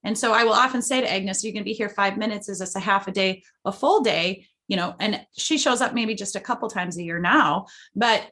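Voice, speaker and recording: A woman's voice: medium pitch, a little fast, hardly any pauses, a bit bright. Woman hosting a parenting podcast. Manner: reflective, affirming, speaks from personal experience. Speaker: podcast host. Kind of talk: conversational podcast interview.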